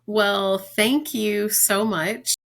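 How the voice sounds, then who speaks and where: A woman interviewing a longtime friend in a casual Christian chat, encouraging and upbeat with quick affirmations. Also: medium pitch, fairly even intonation, fairly bright tone.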